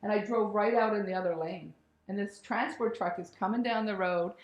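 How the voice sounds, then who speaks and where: Woman, mid-pitched, candid storytelling, animated, casual swearing, echoey room. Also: unhurried. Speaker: spiritual storyteller. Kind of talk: personal storytelling. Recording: roomy echo.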